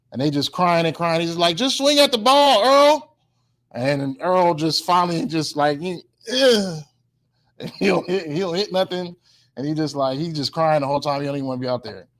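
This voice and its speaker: A man teaching a casual Bible class. He reads scripture slowly and deliberately, then preaches in a loose, colloquial way and keeps asking his listeners if they follow him. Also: a little high. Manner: slow, deliberate scripture reading.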